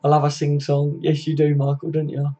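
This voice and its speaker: Fairly quick and completely flat, this man's voice sits on the high side with a dark, breathy tone. He hosts a casual football fan live stream, reading chat comments in a laddish way, swearing and calling viewers mate. The stream audio is dull and lo-fi.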